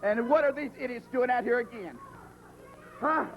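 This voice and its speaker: A man's voice: very high voice, moderate pace, a little hiss or hum. A young man, a wrestler, trash-talking a rival in a brash, mocking promo. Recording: dull lo-fi 1990s TV broadcast.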